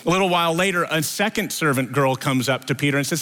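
A man's voice: quick pace, fairly bright tone. A male pastor preaching an Easter sermon at a church service, telling the story with acted-out dialogue. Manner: storytelling, acts out quoted dialogue with lifted pitch.

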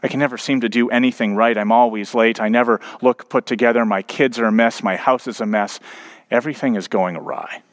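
A man's voice: medium pitch, a little fast. Man preaching a storytelling sermon. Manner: storytelling, rising to emphatic preaching. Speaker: pastor.

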